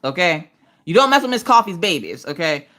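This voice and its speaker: Woman host, 30s, casual livestream chat from home; low voice that swings widely, animated storyteller who acts out quotes. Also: brisk. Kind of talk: casual chat while crafting. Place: home, on a couch.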